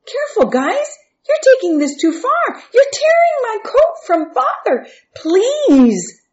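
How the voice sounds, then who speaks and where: A woman voicing a frightened, pleading teenage boy who shouts for help in high desperate cries. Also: wildly swooping pitch, slow, lo-fi sound, exaggerated voice.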